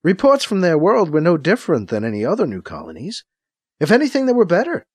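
Stern older aunt, weary and guarded, voiced by a male narrator; lively pitch, dry close sound. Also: dry recording, full character voice. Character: stern, solemn older woman, a former leader and aunt. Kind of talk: audiobook character voice.

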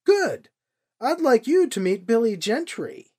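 A woman's voice: on the high side, big pitch swings, a little slow, mellow, husky, voice pushed up, exaggerated voice. A woman voicing a stern, commanding woman boss who speaks curtly and coldly. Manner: curt, cold.

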